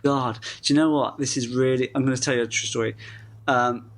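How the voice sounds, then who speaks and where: Male actor guest from the UK, mid-pitched, chatty, self-deprecating, laughs mid-story. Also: fairly even intonation, brisk. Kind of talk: casual interview chat.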